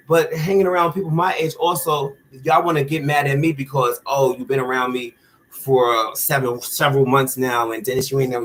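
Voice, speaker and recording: A man's voice: medium pitch, level tone, brisk, a bit bright, low-quality recording. A man talking straight to the camera in a candid rant, blunt, profane and heated. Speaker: vlogger.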